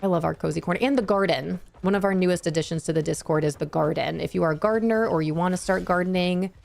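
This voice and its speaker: A woman chats casually with her viewers while live-streaming a video game, bubbly and easily delighted by what happens. Her voice is fairly low, fast and gravelly, with a darkish tone.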